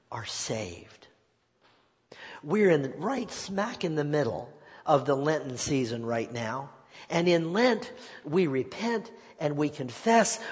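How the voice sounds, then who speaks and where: A pastor delivering a sermon at an unhurried pace, his voice sitting a little high for a man. He repeats his key phrases and at times sinks to a hushed near whisper. A long reverb trails behind him from the large sanctuary.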